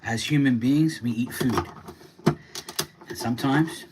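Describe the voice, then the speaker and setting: A man's voice: mid-range voice, unhurried, very noisy. A man livestreaming from his home kitchen, chatting casually and ranting bluntly while he cleans up and preps lobsters. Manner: blunt, ranting, swears freely.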